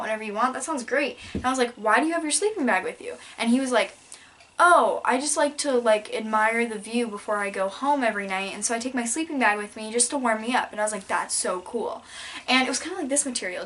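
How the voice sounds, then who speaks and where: A young woman talks to her camera at home in a slightly high voice, rambling from story to story with a deadpan tone. Her casual haul chat is packed with "like" and "um", and a faint hiss sits under the recording. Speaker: vlogger. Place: indoors at home in front of a backdrop.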